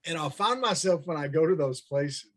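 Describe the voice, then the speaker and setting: A man's voice: on the high side, lively intonation, moderate pace, a bit bright. Chuckling man co-hosting a podcast. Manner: chatty, chuckling, agreeable. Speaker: podcast co-host. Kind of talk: casual chat.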